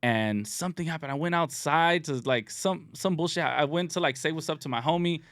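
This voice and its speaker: A man hosting a podcast, telling a story in a casual, animated way and laughing as he goes. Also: a little high, a little fast, no echo, studio quality. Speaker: podcast host.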